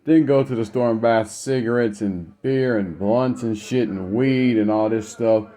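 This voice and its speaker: A man's voice: lowish voice, fairly even intonation, a little slow, mellow. A young man telling a family story in a casual, blunt, profane rant. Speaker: vlogger.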